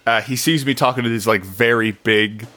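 A man playing a tabletop game, excitable and goofy, breaking into laughs and loud exclamations. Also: medium pitch, moderate pace, soft background music. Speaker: player.

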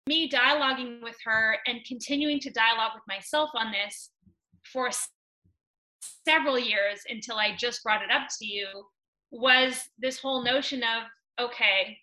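A young woman on a podcast telling a personal story in a chatty way, full of "like" and loud acted-out quotes. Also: on the high side, normal speed, rough recording. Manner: chatty, many "like" fillers, acts out quotes loudly. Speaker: podcast guest.

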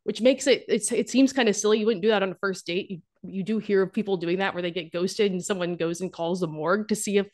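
A woman's voice: medium pitch, fast talker, few pauses, a little mellow. A young woman who makes dating content, talking casually and with humor in an interview, full of fillers and restarts. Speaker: guest, dating content creator.

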